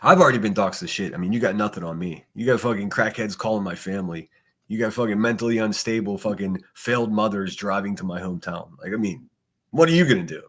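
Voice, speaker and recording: A man's voice: fairly low pitch, fast. A man hosting a solo livestream podcast, reacting to clips with mocking, profane sarcasm. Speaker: podcast host.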